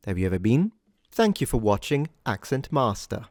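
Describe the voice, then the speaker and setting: A man's voice: mid-range voice, animated, a little mellow, no room sound. Man teaching pronunciation in a dry, close voice. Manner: slow, careful repetition of sounds. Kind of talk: pronunciation lesson.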